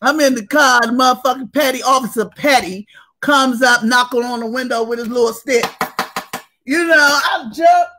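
A woman's voice: sits high, moderate pace. A woman co-hosting a comedy chat over a video call, telling raunchy stories with big laughs and acted-out voices. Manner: animated, laughing, acts out other people. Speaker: comedy show co-host. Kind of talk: raunchy comic storytelling.

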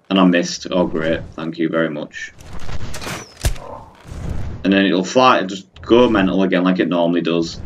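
Low-pitched and with the highs cut off, a young man's voice comes through slight background noise as he narrates his own gameplay. The gaming channel host sounds exasperated, ranting at the game while talking to viewers in let's play style.

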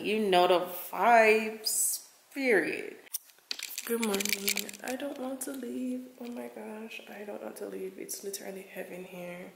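A young woman vlogging to camera, rambling and effusive as she piles up repeated words. Her voice sits at an ordinary middle pitch. The room gives it a noticeable echo, with faint traffic noise behind. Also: gravelly. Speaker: travel vlogger. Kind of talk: casual vlog to camera.

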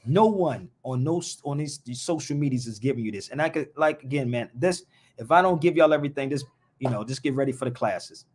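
Picture a man hosting a live stream, speaking at an everyday middle pitch. He talks in an impassioned, blunt way, rambling through his points with plenty of slang. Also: lively intonation, fairly quick, a little mellow, slightly rough. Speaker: live show host. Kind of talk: casual live-stream talk.

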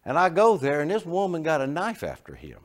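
A middle-aged man preaching a sermon, telling folksy stories and moving between quiet asides and loud emphasis. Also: fairly high pitch, huge pitch swings, a little fast. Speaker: pastor. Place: church sanctuary.

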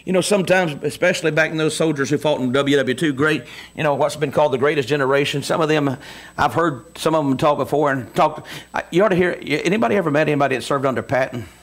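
A man delivering a Sunday sermon in a church, his voice sitting a little higher than most men's. He keeps firing questions at the congregation and waits for their answers. He drops into low, quiet asides, then rises to a booming pitch on the words he stresses. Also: fast talker. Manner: call-and-response preaching, asks the congregation questions. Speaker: pastor.

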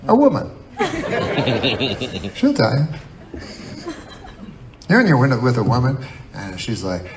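A man performing a stand-up comedy set in a large venue, deadpan, rambling and profane. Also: medium pitch, unhurried, long pauses. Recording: audience recording with loud crowd and noise. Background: crowd laughter.

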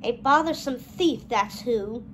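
A woman's voice: fairly high pitch, a little slow, a little hiss or hum, close to an everyday voice. Merryweather, a bossy fiery fairy, as a woman reads her. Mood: huffy. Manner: huffy and commanding.

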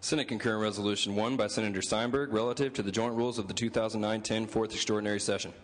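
A man serving as reading clerk, announcing a resolution and calling names in a clipped, brisk manner. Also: on the low side, fairly even intonation. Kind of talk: reading roll call. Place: large legislative chamber. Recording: reverberant chamber, from the mic.

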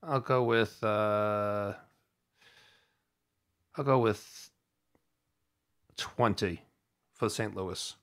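Tentative low-voiced man guessing. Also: very slow, long pauses, a bit bright. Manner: tentative, self-deprecating. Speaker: show contributor. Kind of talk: casual podcast chat.

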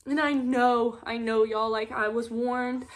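A young woman, telling her own story at home as a mother vlogger, tearful and halting, with many filler words. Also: a little high, level tone. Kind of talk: emotional personal storytelling. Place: at home on a couch.

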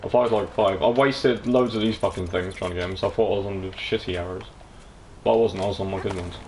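A young man with an English accent talks through his gameplay in a relaxed, rambling way, cracking jokes and swearing freely. His voice sits fairly low, and a faint noise floor runs underneath. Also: quick pace. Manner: rambling, jokey, sweary, easily excited. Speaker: let's play streamer. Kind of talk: casual gameplay commentary.

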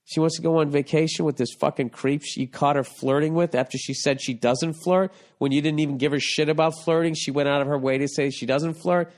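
A man's voice: fairly high pitch, steady tone, brisk, hardly any pauses. Give me a man ranting profanely as a podcast host, reading out listener letters. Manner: profane and exasperated; reads listener letters aloud. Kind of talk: comedic advice rant.

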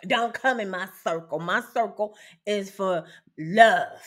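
A woman's voice: medium pitch, slow. A woman, hosting a casual monologue in a blunt, profane, emphatic way and laughing often. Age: 50s. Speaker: host.

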